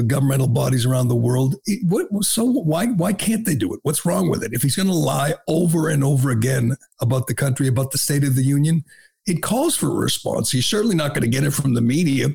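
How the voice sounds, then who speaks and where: A man hosting a talk radio show, his voice gravelly and husky. He holds forth in an indignant, rambling monologue, circling back and restarting his sentences as he goes. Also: medium pitch, mellow.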